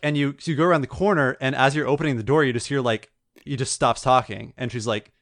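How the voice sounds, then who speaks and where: A man co-hosting a gaming podcast, recounting a video game story in a rambling, animated way. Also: medium pitch, fast, dry recording, studio quality. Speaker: podcast co-host. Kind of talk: casual chat.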